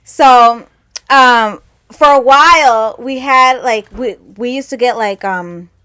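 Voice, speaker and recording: A woman's voice: a little high, slow, sharp tone, smooth. A woman co-hosting a podcast who rambles through family stories in casual chat and laughs often. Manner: rambling storyteller, laughs often, acts out relatives' lines. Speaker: podcast co-host.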